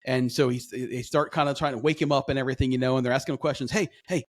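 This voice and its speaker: A middle-aged man telling a long story on a podcast, animated and full of restarts. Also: mid-range voice, racing. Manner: animated, acts out quoted voices, rambling restarts. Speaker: podcast co-host. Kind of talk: casual storytelling chat.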